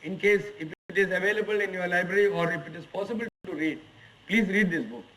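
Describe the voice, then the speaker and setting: A man's voice: sits high, fast, sharp tone, distant mic, low-quality recording. A man in his forties with an Indian English accent, giving a lecture to management students and asking them emphatic rhetorical questions. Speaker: HR executive giving a guest lecture. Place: lecture hall at a management institute.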